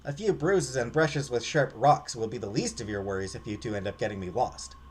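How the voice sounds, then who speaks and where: A man's voice: medium pitch, a little fast, a little mellow, slight background noise, close to an everyday voice. A man voicing a sarcastic, bossy young female explorer in a game, delivering cutting remarks.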